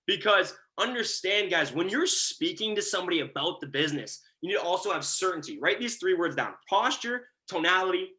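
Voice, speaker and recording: A man's voice: sits high, sharp tone. A man giving a motivational team training over a call, hyping his audience with slang, repeated slogans and constant "right?" tags. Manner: hype, repeats lines, asks the audience to write things down. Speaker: network marketing coach.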